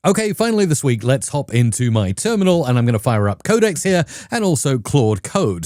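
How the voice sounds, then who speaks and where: A man's voice: medium pitch, warm tone, dry recording, studio quality. A man hosting a tech video and talking through his tests in an upbeat, conversational way. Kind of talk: enthusiastic tech review narration.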